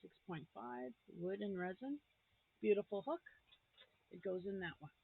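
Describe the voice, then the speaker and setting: A woman's voice: mid-range voice, normal speed, vocal fry, breathy edge, dry recording. A woman vlogger chatting casually as she unboxes crochet gifts, gasping and gushing with delight. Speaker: crafting vlogger. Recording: tinny phone-like sound.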